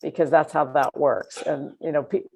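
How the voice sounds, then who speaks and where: A woman co-hosts a casual political talk show with a lowish voice for a woman. She talks in an animated, sarcastic way and laughs while she makes her points. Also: normal speed, vocal fry.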